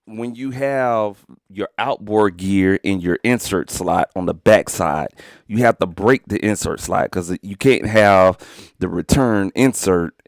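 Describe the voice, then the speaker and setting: A man with a very low, gravelly voice talks through studio gear in a relaxed, rambling live-stream demo. He is loose and slangy, speaking close into a studio microphone. The sound is dry and close, with no room around it. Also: a little slow, dry recording. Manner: laid-back, rambling, slangy with filler phrases. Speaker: music producer demonstrating an audio interface. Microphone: studio microphone into the interface.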